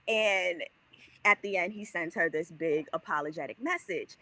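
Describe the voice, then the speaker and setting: A woman guest on a podcast, telling a personal story in a casual, animated way and acting out the dialogue, with some swearing. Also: fairly low pitch, moderate pace, dry recording. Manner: animated, acts out quoted dialogue, swears freely.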